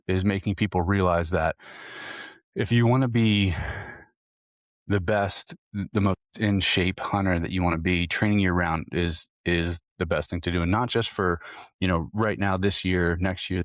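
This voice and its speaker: A man's voice: sits low, no echo, clean studio sound. A man hosting a hunting fitness podcast, talking earnestly in a casual coaching way and often repeating words as he restarts. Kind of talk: casual solo podcast talk.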